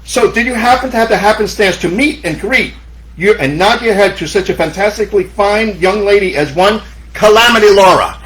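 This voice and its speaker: A man's voice: high voice, brisk, fairly bright tone. A man playing a pompous French talk-show host, Pierre, with a fake French accent that keeps slipping. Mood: mock-serious. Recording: noisy live room.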